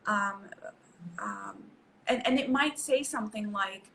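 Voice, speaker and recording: This psychologist guest, a middle-aged woman, speaks slowly in a mid-range voice with vocal fry and a sharp edge, coaching emphatically and repeating points for stress as she explains in conversation. Audio quality is poor, carrying a slight hiss or hum.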